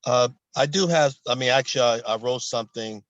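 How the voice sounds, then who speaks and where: A man's voice: mid-range voice, brisk, fairly bright tone, dry recording. A man taking part in a coaching session, speaking hesitantly with fillers and then reading out notes he wrote. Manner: hesitant, reads out his own written notes. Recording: dull, dry lo-fi call audio.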